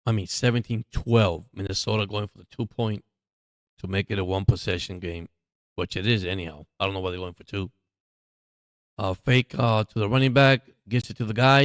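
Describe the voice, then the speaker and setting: A man's voice: on the low side, no echo, clean studio sound. Chatty man calling a game live. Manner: chatty, excitable during plays. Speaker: livestream host. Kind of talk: casual live game commentary.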